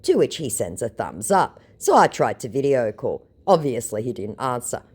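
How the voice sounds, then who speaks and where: A woman's voice: rumbling low, big pitch swings, normal speed, darkish tone, breathy edge. A woman vlogger telling the story of her chats with scammers in a sarcastic, mocking way. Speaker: vlogger recounting scam chats. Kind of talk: casual storytelling.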